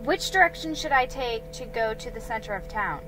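A woman's voice: on the high side, animated, moderate pace, natural voice, rough recording. A woman voicing a hesitant, weary young girl. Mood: anxious, tired. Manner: hesitant, stumbling over words. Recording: reading over background music.

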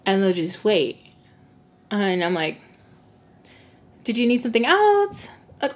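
A woman's voice: mid-range voice, expressive, normal speed, pauses often. A young woman, a makeup artist telling a long storytime while she eats, chatty and acting out what others said. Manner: chatty, acts out quoted voices, drops into Spanish slang. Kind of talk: storytime chat while eating.

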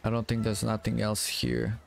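A man's voice: lowish voice, level tone, moderate pace, vocal fry, faint music behind. A sleepy, yawning man streaming a game, rambling to himself in casual gameplay commentary. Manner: rambling, talks to himself while playing. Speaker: gaming streamer.

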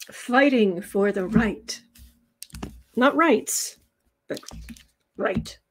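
Unhurried woman reading tarot on a livestream. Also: on the high side. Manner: unhurried and drawn-out, drops into soft near-whispered asides. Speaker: tarot reader.

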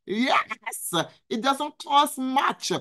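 A woman's voice: sits high, drawn-out words, pushed and bright. A woman hosting a weekly live coaching stream, talking in an emphatic, preacherly way, repeating phrases and answering viewers in the chat. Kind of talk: motivational live-stream talk.

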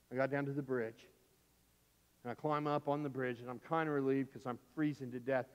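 A middle-aged male pastor preaching a sermon through a vivid personal story, swinging from loud, urgent lines to hushed ones. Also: medium pitch, steady tone, a little fast, smooth. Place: church sanctuary. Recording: dull, echoey church recording.

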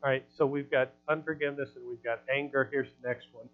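Man preaching in a casual, lively way. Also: mid-range voice, quick pace, phone-quality sound. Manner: conversational preaching with quoted asides and laughs. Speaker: pastor. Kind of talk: sermon. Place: church hall.

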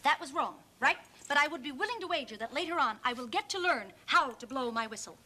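A keen new cop lady, high bouncy voice, talks all formal and giggly, old tv sketch. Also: animated, quick pace, bright, forceful tone, slight background noise. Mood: eager. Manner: stiff formal phrasing, giggly. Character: eager earnest rookie policewoman. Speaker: sketch comedy performer. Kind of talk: 1970s TV sketch comedy.

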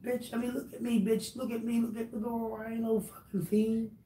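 Woman vlogger, profane and preachy call-out delivery, low mellow timbre, echoey room with faint hiss. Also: level tone, a little fast. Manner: blunt, profane, lecturing. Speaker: YouTuber. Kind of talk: direct-address rant vlog. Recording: roomy echo, distant mic, faint noise.

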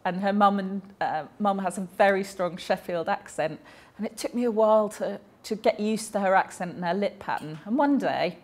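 A woman's voice: medium pitch, moderate pace, few pauses, a little mellow. A woman, voicing a deaf speaker's personal stories aloud in a chatty, anecdotal way, with small self-corrections along the way.

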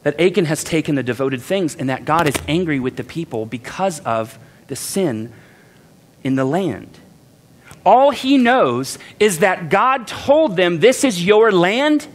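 A pastor preaches with a light, high-pitched man's voice. He keeps it conversational, jumps into character to act out the people in the text, and pokes fun at himself along the way. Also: sing-song, unhurried. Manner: conversational, self-deprecating asides. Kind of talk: sermon.

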